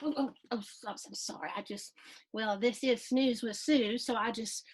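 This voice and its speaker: A woman hosting a storybook reading for children, animated and sing-song, chatting with her young listeners between pages. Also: on the high side, moderate pace, husky. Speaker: host reading a picture book to children. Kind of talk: storybook read-aloud for kids.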